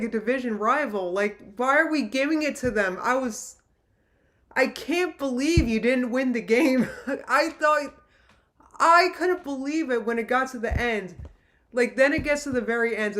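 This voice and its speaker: Philly woman rambling on stream, kinda high voice, laughs a lot, gets loud. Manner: excitable, rambling, laughs often, rising to shouted outbursts. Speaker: streamer chatting with her chat. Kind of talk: casual chat.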